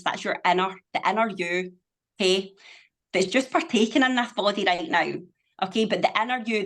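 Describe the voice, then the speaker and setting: A middle-aged woman, speaking as a podcast guest in casual conversation, emphatic and motivational, swearing freely. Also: medium pitch. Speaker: podcast guest, business owner.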